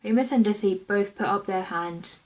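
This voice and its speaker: A woman's voice: mid-range voice, normal speed, darkish tone, a little hiss or hum, rough recording. A woman reading her own fan story script aloud in a plain, unpolished way, with small slips and restarts.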